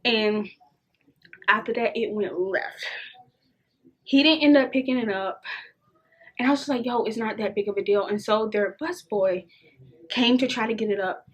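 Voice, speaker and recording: A young adult woman vlogger telling a casual storytime, animated and swearing freely as she acts out the dialogue. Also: a little high, normal speed, pauses often, husky.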